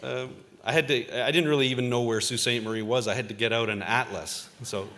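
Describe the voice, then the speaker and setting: A man's voice: mid-range voice, steady tone, brisk, sharp tone. Man speaking in a big hall. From Ontario, Canada. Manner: conversational storytelling, self-deprecating, with frequent uh fillers. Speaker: convocation speaker, journalist. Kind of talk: convocation address with personal stories. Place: large convocation hall. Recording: reverberant hall.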